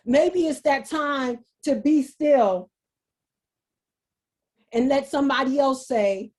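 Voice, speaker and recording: Slow high-voiced woman giving a motivational talk. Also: a little mellow. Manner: repetitive, halting, earnest. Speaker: speaker. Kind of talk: motivational talk on a video call. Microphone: video call.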